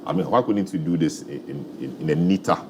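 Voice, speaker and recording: Deep deep host guy asking questions, stop-start, noisy tv audio. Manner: probing, halting, with restarts. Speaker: TV talk show host. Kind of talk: studio political discussion. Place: TV studio. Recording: noisy studio broadcast audio.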